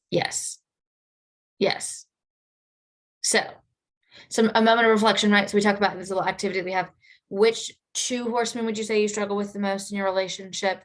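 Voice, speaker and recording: Hosting a podcast solo, a woman who works as a therapist educator gives a casual educational monologue on relationship habits. She's chatty and lively, sprinkling in lots of "like" and "right?" and jumping up in pitch when she wants to stress a point.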